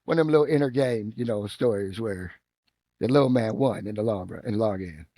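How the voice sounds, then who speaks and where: Animated Midwestern man telling stories. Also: fairly quick, no room sound. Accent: Midwestern American. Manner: animated storyteller, acts out quotes with rising pitch. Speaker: guest, former football player and coach. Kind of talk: casual storytelling interview.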